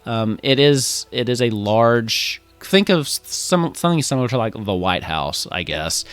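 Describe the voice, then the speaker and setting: A man's voice: mid-range voice, animated, moderate pace, a bit bright, clean tone, no echo, faint music behind. A man narrating a tabletop game as game master, rambling with many ums and laughs.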